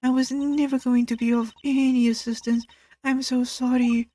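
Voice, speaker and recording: A player voicing a timid, self-blaming young woman on trial, in a high, small, apologetic voice for a fan visual novel. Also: little pitch movement, moderate pace, warm tone, close to an everyday voice. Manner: meek, tearful pleading.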